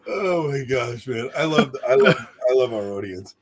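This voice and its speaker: A man co-hosting a casual livestream chat, loud and often laughing as he tells stories into a close desk mic. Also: medium pitch, lively intonation, very slow, long pauses, a little hiss or hum. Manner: loud, laughs a lot while telling stories. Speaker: podcast co-host. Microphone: desk mic close to face.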